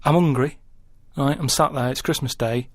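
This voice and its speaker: A man in casual radio chat, talking in a deadpan, plodding way and keeping on asking "right?" as he reasons things through. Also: medium pitch, moderate pace, dry recording. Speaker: radio show regular. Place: radio studio.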